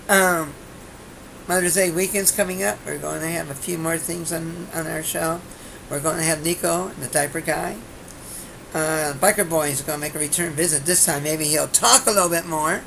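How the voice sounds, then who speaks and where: A woman's voice: low voice, normal speed, creaky, pauses often, fairly bright tone, a little hiss or hum. A woman hosting her own comedy talk show, rambling through a monologue with brash jokes and many restarts. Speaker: host and comedian.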